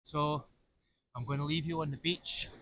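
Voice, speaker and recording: A man's voice: fairly high pitch, fairly even intonation, moderate pace, a bit bright, poor audio. A man with a Donegal Irish accent, a travel vlogger chatting casually to camera outdoors on a beach in a rambling, easygoing way, with slang and swearing. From Donegal, Ireland. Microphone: clip-on mic. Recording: outdoor wind noise.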